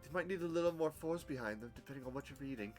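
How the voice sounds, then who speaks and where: A man's voice: mid-range voice, rapid-fire, faint music behind, pitched above the performer's own voice, close to an everyday voice. A man voicing a poised teenage girl club president with an odd English-American hybrid accent and a refined manner. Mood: advising. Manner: refined, sophisticated.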